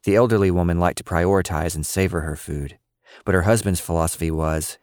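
A man narrating a scripted audio story in a steady, even manner. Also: sits low, fairly quick, smooth, dry recording, studio quality.

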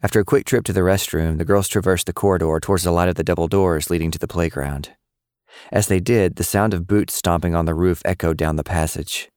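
A man reading a novel aloud as its narrator, steady and measured. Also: low-pitched, clean tone, dry recording, studio quality. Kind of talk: scripted audiobook narration.

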